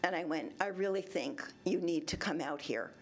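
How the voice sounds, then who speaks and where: A woman's voice: on the low side, normal speed. A woman in her seventies addressing a city council chamber, telling her complaint in a rambling way and acting out both sides of past conversations. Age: 70s. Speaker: resident speaking at public comment. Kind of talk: recounting a personal complaint.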